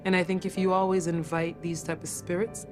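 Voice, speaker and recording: A woman's voice: fairly low pitch, little pitch movement, brisk. Lady caregiver telling a spooky story she lived through, earnest, repeats herself, music underneath. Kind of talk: recounting a ghost encounter in an interview.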